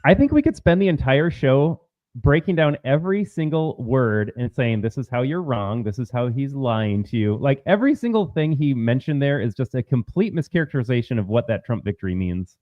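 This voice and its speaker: A man's voice: mid-range voice, very animated, a little fast, no room sound, dull audio. A man hosting a political talk show, speaking casually with a sarcastic, scornful tone. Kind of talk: casual commentary.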